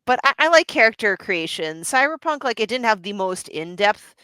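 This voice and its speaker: A middle-aged podcast co-host chats casually, her smooth, clear voice bright and forceful at a medium pitch and normal speed. She's animated and talkative, often restarting sentences and laughing. The close, dry mic picks up no room sound.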